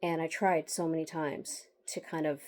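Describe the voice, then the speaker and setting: Her voice sits low and a little mellow, level in tone at a moderate pace. Discussing her book in a frank vlog, this author tells a bitter, emotional personal story, rambling, restarting, using fillers, and punctuating it with sighs and wry laughs.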